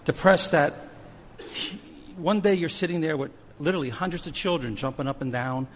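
A missions pastor, a man, tells a story from the pulpit with animated energy, now loud, now soft. His voice carries a long church-hall reverb. A faint hum of the room sits underneath. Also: fairly high pitch, fairly quick. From New Jersey. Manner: animated storytelling with shifting loudness. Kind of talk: sermon story. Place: church sanctuary.

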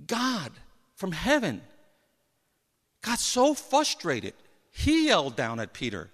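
A man delivers a sermon, telling Bible stories in an animated way. His voice sits a little high for a man. A long reverb trails his words, as in a large hall. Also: slow pace, long pauses. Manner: animated storytelling, acts out Bible figures. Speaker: preacher.

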